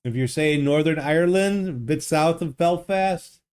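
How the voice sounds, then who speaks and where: A man's voice: a little high, normal speed, a little mellow, clear, resonant tone. A man live-streaming a geography guessing game, thinking aloud and chatting casually with his viewers. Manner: thinks aloud, muses and answers viewers' chat. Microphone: desk microphone.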